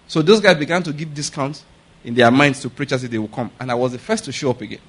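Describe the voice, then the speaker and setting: A man's voice: mid-range voice, quick pace, fairly bright tone, slightly rough, poor audio. A middle-aged man with a Nigerian accent, a pastor preaching a sermon in a conversational way, often checking that his congregation follows him.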